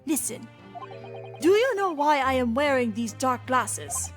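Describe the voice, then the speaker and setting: Cold secretive guy, curt and chilly, higher voice than you'd expect, woman reading him out. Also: sing-song, measured pace, faint music behind. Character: cold, secretive middle-aged foreign man. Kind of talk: reading game dialogue aloud.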